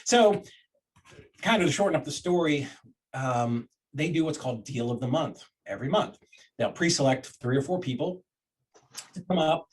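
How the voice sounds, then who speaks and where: A man's voice: on the high side, animated, normal speed, long pauses. Guy telling a long story on a podcast, voice jumps around a lot, acts out the quotes, lots of restarts. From Florida, USA. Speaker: real estate investor and guest. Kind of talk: casual storytelling in an interview.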